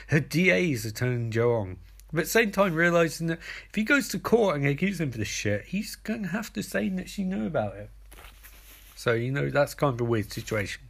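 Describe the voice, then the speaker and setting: A man's voice: on the high side, very animated, a little fast, creaky, a bit bright, breathy edge. Guy rambling thru a comic show recap, swears a lot, offhand.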